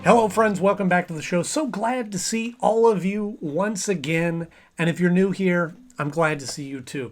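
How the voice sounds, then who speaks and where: A man in his thirties hosting a casual cartoon review show, chatty and playful, often slipping into funny voices. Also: high voice.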